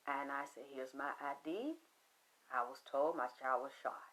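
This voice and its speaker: A woman's voice: very deep voice, a little slow, poor audio. A middle-aged woman telling a painful personal story in casual speech, dropping to whispers and rising to anguished cries. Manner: swings from hushed whispers to anguished near-shouting. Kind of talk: personal testimony.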